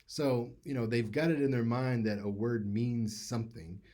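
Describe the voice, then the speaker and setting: A man's voice: medium pitch, steady tone, moderate pace, dark tone. A man teaching public speaking in a casual, conversational lecture with many fillers.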